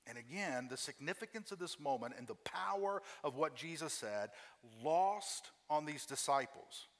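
Bright, high-voiced preaching man. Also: long reverb tail. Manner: storytelling, acting out quoted voices, emphatic repetition. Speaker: pastor. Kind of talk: sermon.

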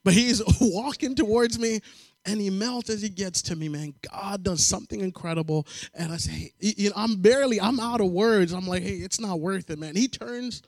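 Male preacher, higher register, dry sound; lively storyteller who acts out voices. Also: moderate pace, dry recording. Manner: animated storytelling, acts out voices, call-and-response amens. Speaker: pastor. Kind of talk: sermon with personal story.

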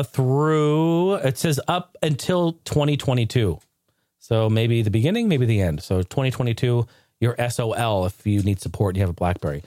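A man hosting a podcast in casual chat, animated, profane and joking. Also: medium pitch, dry recording, studio quality. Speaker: podcast host.

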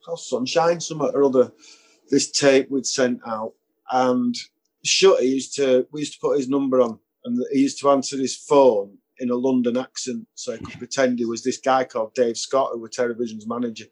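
A man's voice: mid-range voice, steady tone, normal speed, darkish tone. Male musician, anecdotal, chuckling, mimics people in his stories. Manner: anecdotal, chuckling, acts out quoted voices. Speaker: musician guest. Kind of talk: casual storytelling interview.

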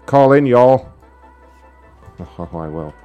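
A man's voice: medium pitch, expressive, dull audio. A man hosting a casual prank-call show, joking and laughing as he goes. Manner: laughing, teasing, quick remarks. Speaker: podcast host. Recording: music playing in the background.

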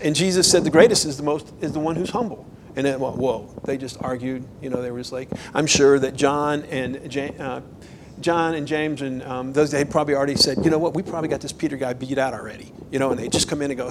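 A man, a pastor, preaching a sermon in a conversational, animated way, with emphatic bursts. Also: a little high, brisk, slight background noise, rough recording.

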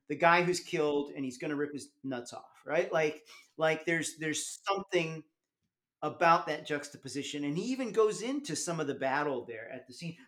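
Man, fairly high voice, podcast co-host, argumentative, reads passages aloud. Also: a bit bright. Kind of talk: book discussion podcast.

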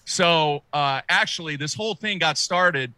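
Bright-voiced animated man telling a story. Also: a little high, unhurried, dry recording. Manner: animated, repeats and restarts words. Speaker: podcast guest. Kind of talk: casual chat, storytelling.

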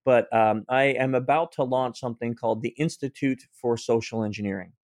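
A middle-aged man, a guest author, telling a personal story in an interview, animated and quoting people in his own voice, with frequent restarts. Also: mid-range voice, brisk, dry recording, studio quality.

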